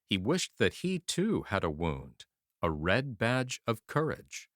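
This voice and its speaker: A man reading a novel aloud as audiobook narration, with an expressive storytelling manner. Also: lowish voice, dry recording, studio quality. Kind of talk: scripted narration.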